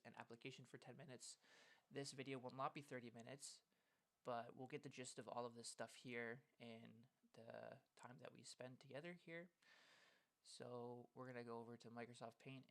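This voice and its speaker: A man's voice: medium pitch, a bit bright. Man walking through a phonics lesson plan. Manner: casual, explanatory, with frequent ums. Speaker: student teacher presenting a lesson plan. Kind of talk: screen-recorded lesson walkthrough.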